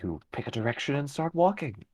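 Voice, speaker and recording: A man voicing a calm, knowing female fey being in a tabletop game, speaking slowly and in a measured way. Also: medium pitch, no room sound, voice pushed up.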